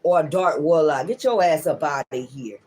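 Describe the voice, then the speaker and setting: A woman's voice: low-pitched, normal speed, darkish tone. Blunt, profane woman ranting on a stream. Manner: defiant, repeats her points. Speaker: tarot reader. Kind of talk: casual ranting livestream.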